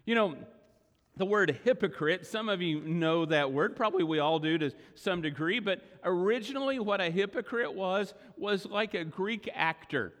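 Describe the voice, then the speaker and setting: Earnest high-voiced pastor preaching. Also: male voice, a bit bright. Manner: earnest, emphatic, slows to stress words. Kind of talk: sermon. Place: church sanctuary. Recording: long hall reverb.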